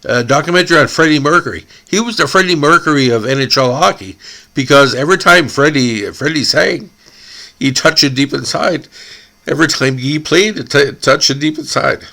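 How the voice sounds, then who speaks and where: A man from Canada hosting a hockey podcast, emotional and tearful, halting and repeating words as he speaks. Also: on the high side, vocal fry, pushed and bright. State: crying.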